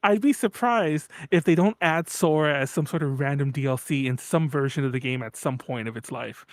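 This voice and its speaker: A man co-hosting a casual podcast, ranting quickly and laughing often. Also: fairly high pitch, no echo. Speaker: podcast co-host.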